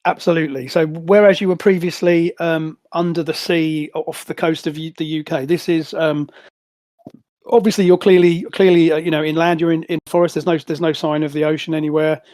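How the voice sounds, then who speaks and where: A man's voice: fairly high pitch, flat delivery, fairly quick, darkish tone, dry recording, studio quality. A man narrating a tabletop game as game master, rambling with many fillers and restarts.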